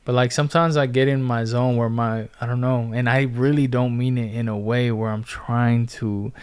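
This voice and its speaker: A man's voice: medium pitch, fairly even intonation, moderate pace, a little mellow, clear, resonant tone, no echo. A man in his thirties, co-hosting a casual chat with his wife, speaking in a direct, straightforward way. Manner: direct, straightforward, with many fillers and restarts. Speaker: co-host.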